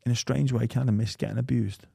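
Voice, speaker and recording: A man in his thirties with a Liverpool accent, hosting a casual podcast chat and telling rambling, animated stories with acted-out quotes. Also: mid-range voice, fast talker, vocal fry, husky, dry recording, studio quality. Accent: Liverpool English. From England. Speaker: podcast host.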